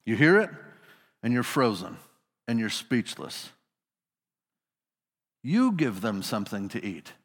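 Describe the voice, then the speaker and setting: A man's voice: mid-range voice, sing-song, slow, long pauses, in a large hall. A male pastor preaching a sermon in a casual storytelling manner, putting his listeners into the scene.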